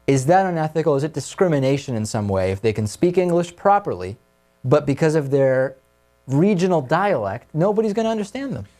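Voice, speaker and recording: A man's voice: on the high side, sing-song, normal speed, warm tone. A man hosting a talk radio show, leading casual discussion with his co-hosts in a conversational way.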